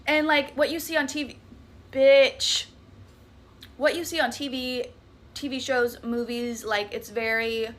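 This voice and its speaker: A woman's voice: fairly high pitch, fairly even intonation, moderate pace, fairly bright tone. A young woman with a Southern US accent tells a horror story in a casual, dramatic and profane way. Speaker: storytime creator.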